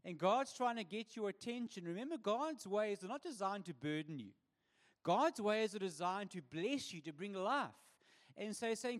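High-voiced South African preacher. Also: male voice, moderate pace, fairly bright tone. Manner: conversational, humorous preaching. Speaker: pastor. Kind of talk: sermon.

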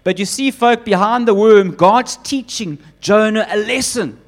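A man preaching a sermon with emphatic, animated delivery, often building up repeated lists. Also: high voice, a little slow. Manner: acts out quoted voices of God and Jonah.

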